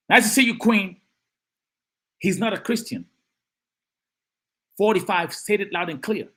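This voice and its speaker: Husky, animated male live-stream host. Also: on the high side. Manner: animated, emphatic, repeats phrases, greets and reads out chat. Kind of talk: live-stream political commentary.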